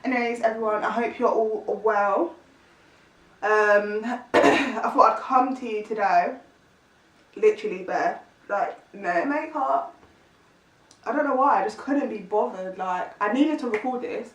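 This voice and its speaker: A woman's voice: fairly high pitch, measured pace, roomy sound, recorded from a distance, poor audio. A woman, chatting casually to camera with lots of fillers and restarts. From East London, England. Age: 20s. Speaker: vlogger.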